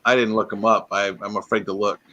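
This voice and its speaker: Bright-voiced man hosting a casual livestream. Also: lowish voice, flat delivery, fast talker. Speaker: livestream host.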